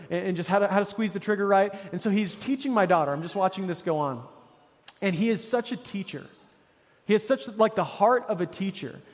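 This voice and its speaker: High-voiced pastor preaching in a reverberant hall. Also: male voice. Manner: casual, conversational preaching with many restarts and fillers. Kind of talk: sermon.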